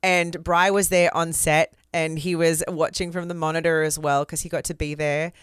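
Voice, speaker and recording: Australian woman, interview guest, smooth and clear voice, dry close sound, expressive candid storytelling. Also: low-pitched, moderate pace, no echo. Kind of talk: casual interview chat.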